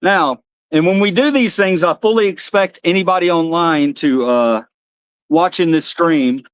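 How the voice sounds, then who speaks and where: A man's voice: fairly high pitch, fairly bright tone, dry recording. A man hosting a live stream in loose, joking chat, laughing at himself.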